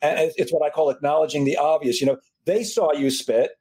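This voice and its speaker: A male podcast host chats in a casual interview, joking at his own expense. He talks very fast in a husky voice that sits a little high. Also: warm tone. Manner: quick, joking, self-deprecating.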